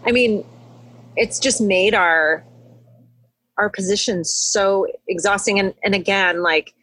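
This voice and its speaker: A woman's voice: medium pitch, slow pace, a bit bright, breathy edge, no room sound. A woman guest on a podcast, a hospitalist, chatting casually and telling stories with frequent laughs. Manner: chatty, laughs often, emotional storytelling.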